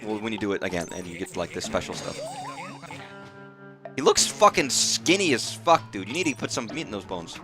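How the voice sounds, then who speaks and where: A man's voice: fairly low pitch, animated, a little fast, over music. A man giving casual, profane, rambling commentary while streaming a video game live. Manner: rambling, profane, restarts phrases.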